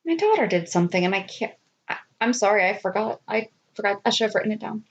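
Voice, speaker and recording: Casting: woman co-host, relaxed, friendly casual chat. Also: mid-range voice, fast, lo-fi sound. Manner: easygoing, apologetic, supportive. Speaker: podcast co-host.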